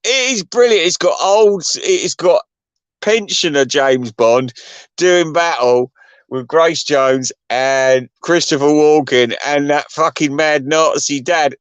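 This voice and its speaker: A man in middle age rants crudely into the mic, wandering from point to point and laughing at his own jokes. His voice sits fairly high and jumps higher when he gets worked up. The sound is close and dry, with no room around it. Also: slow, smooth, no echo. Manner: crude, mocking, laughs often, pitch leaps up when excited. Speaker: vlogger. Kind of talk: rambling profane rant.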